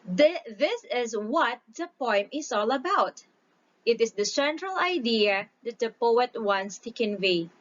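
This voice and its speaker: A woman teacher giving a recorded lesson, explaining slowly and deliberately, stretching out syllables when she reads example lines aloud. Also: on the high side, expressive. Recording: dull lo-fi recording.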